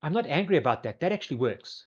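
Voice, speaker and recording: A man putting on a flamboyant, androgynous boutique owner, pitched way up and fussing theatrically over every customer. Drawn-out, gushing delivery that keeps swooping high, heard on a dull, lo-fi recording. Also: sing-song, breathy edge.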